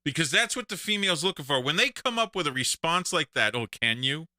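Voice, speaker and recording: A man's voice: on the high side, lively intonation, fast talker, sharp tone, dry recording, studio quality. A man with a Texan accent hosting a live call-in stream, telling stories and laughing often. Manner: storytelling, jokey, laughs often. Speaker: show host.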